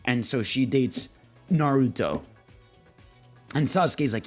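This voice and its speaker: A man's voice: mid-range voice, expressive, takes it slowly, a little mellow, faint music behind. A young man streaming live, rambling in slangy, laughing casual chat as he reads out chat prompts. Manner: rambling, laughing, slangy, voices quoted characters.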